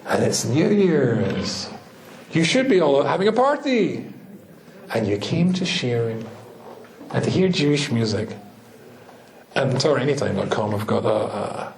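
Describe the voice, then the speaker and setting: A rabbi with a Scottish accent giving a talk to a live audience, joking, teasing them and laughing often. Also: male voice, mid-range voice, creaky, darkish tone, roomy sound, slight background noise.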